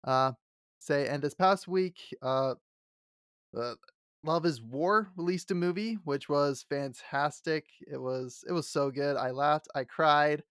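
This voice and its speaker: A man co-hosting a fantasy podcast in casual chat, excitable and laughing often, stumbling over his words. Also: on the high side, slow, clean tone, no echo, studio quality. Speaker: podcast co-host.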